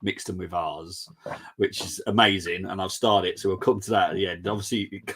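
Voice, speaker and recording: A man hosting a fan watch-along stream, chatting in a relaxed way and reacting to the live chat. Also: low voice, moderate pace, husky.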